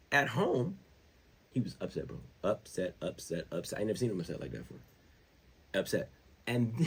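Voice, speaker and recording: Husky man ranting about sports. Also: medium pitch. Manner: animated, slangy, repeats words for emphasis. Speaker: show host. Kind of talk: casual sports commentary.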